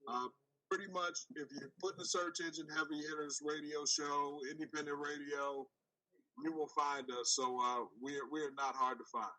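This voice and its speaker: A man co-hosting a radio show over a video call, reading out where to find the show in a smooth announcer voice. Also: fairly high pitch, fairly even intonation, normal speed, sharp tone, rough recording. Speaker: radio DJ and co-host. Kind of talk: promo readout.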